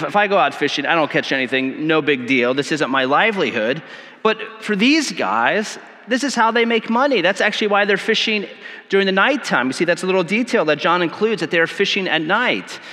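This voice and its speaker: A man preaching a sermon, his voice bright and fairly high. He talks in a chatty, self-deprecating way and often stumbles over the start of a phrase. The sound carries a long reverb from a church hall. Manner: conversational, self-deprecating storytelling with stammered restarts. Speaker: pastor.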